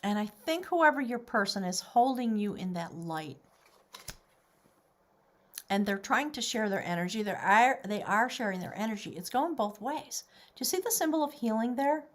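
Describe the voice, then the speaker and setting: A woman giving a tarot reading to camera, animated and excitable, now and then dropping to a whisper. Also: a little high, moderate pace. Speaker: tarot reader.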